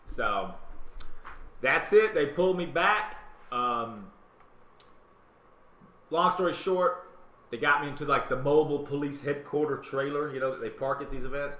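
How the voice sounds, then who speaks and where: A man with a Southern US accent hosting a live web talk show, telling a story in a casual, animated way and acting out other people's lines. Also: a little high, measured pace, pauses often. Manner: animated, acts out quotes in other voices. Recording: roomy webcam stream with faint hiss.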